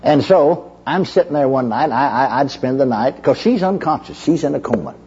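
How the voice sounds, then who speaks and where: Male preacher telling his testimony from the pulpit, folksy and rambling, animated swinging pitch, muffled old recording. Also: normal speed, husky. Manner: folksy storyteller, repeats "you know", restarts often. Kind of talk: sermon with personal testimony.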